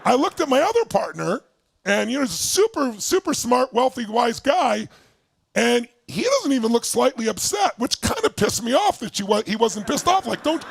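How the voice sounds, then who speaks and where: A man telling a story in an animated, emphatic motivational talk, swearing freely. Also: extremely high pitch, moderate pace, vocal fry, breathy edge, dry recording. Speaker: motivational speaker.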